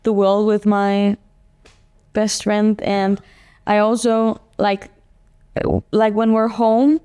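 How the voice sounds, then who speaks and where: A woman's voice: medium pitch, flat delivery, slow pace, dark tone, clean tone. A young adult woman from Denmark with a Danish accent, a musician talking candidly and reflectively in an interview, often searching for words. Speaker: musician, duo member. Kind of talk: casual interview chat.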